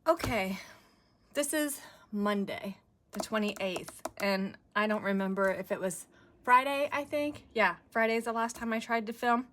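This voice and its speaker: A woman's voice: on the high side, measured pace, fairly bright tone, slight background noise. A middle-aged woman hosting a craft video, chatting casually and thinking aloud as she works. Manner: chatty, giggly, thinks aloud while working. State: a bit winded.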